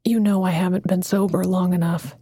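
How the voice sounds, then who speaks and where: A woman's voice: on the low side, flat delivery, fairly quick, dark tone, slightly rough, no room sound, clean studio sound. A woman voicing an earnest, anxious man in recovery who sounds hesitant and pleading, in an audiobook. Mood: worried.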